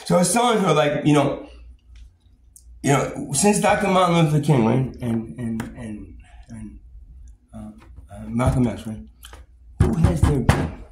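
A man's voice: mid-range voice, lively intonation, unhurried, pauses often. Rambling, profane man in an echoey room. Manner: profane, rambling, repeats words and restarts, laughs bitterly. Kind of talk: angry personal rant. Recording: roomy echo, faint background noise.

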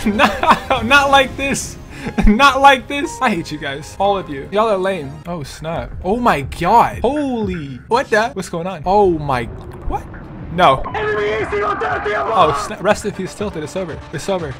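A man giving excited gameplay commentary, laughing often and yelping and pleading loudly as things happen. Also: high-pitched, slow pace, over music. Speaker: gaming streamer.

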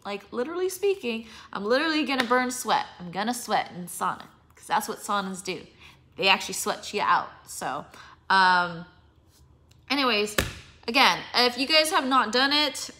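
A woman's voice: fairly high pitch, a little slow, bright, forceful tone. A young adult woman talking to her viewers in a casual vlog, rambling, swearing and searching for words, yawning now and then. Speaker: vlogger.

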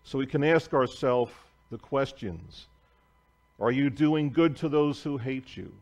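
In a church sanctuary, a pastor preaches a sermon, telling a story emphatically and swinging between loud declarations and hushed asides. His voice sits at a medium pitch.

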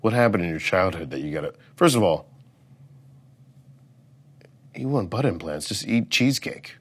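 A man in his thirties doing a comedic rant, profane, jumping between loud outbursts and mumbled asides. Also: low voice, lively intonation, fast, breathy edge. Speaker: comedian rating things as overrated or underrated.

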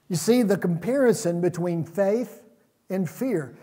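A man preaching a sermon in a church, retelling stories in a relaxed, conversational way. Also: high voice, a little slow.

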